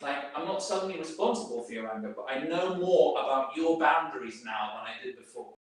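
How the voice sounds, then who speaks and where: Speaking a bit fast with lively intonation and a highish voice, a man delivers a rambling, informal workplace talk full of fillers and restarts. The recording comes from a very echoey room with the speaker far from the mic.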